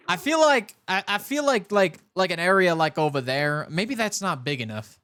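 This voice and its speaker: A young man from California streaming a game, chatting in a rambling way and talking with a soft put-on Southern cowboy drawl. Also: high-pitched, lively intonation, a little slow. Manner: rambling, chatty, self-interrupting. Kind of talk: casual live-stream chat while gaming.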